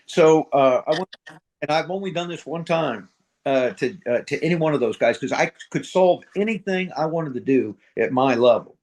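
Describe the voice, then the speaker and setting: A middle-aged man from middle America, a retired Marine sergeant major, tells his stories bluntly and with plenty of swearing. His voice sits a little high, and he acts out every exchange. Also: moderate pace, a little mellow. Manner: blunt, profane, acts out quoted dialogue. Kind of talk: casual storytelling interview.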